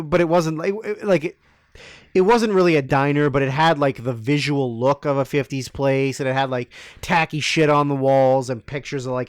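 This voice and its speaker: A man's voice: fairly high pitch, clean tone, no room sound, studio quality. A man in his thirties, co-hosting a podcast and answering listener questions in a rambling, profane, casual way. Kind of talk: casual Q&A chat.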